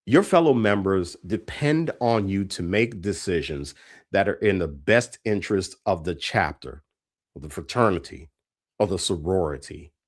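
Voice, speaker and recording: Animated low-voiced New man. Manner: animated, repeats words for emphasis. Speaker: keynote speaker. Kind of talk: storytelling leadership keynote.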